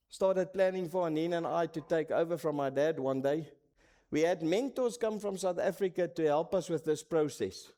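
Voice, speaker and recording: A middle-aged man with a Namibian accent preaching a sermon as a pastor, telling stories that swing between dramatic highs and hushed lows.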